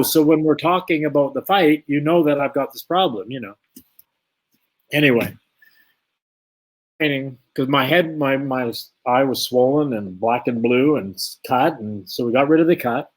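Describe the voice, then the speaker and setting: A man telling a long boxing story in an interview, acting out both sides of the conversations. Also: mid-range voice. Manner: lively anecdote-telling, acts out both sides of the dialogue. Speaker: former boxer, guest.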